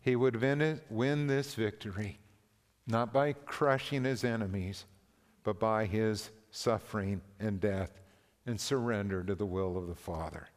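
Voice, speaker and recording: A man preaching a sermon, reading a story and scripture aloud in a slow, earnest, deliberate manner. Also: lowish voice. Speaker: pastor. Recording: long reverb of a large hall.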